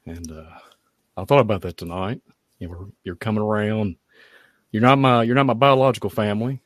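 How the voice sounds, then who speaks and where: A man, giving a halting, heartfelt personal testimony at a prayer meeting. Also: lowish voice, steady tone, no echo, studio quality. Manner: halting, heartfelt, many fillers. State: tearful at times.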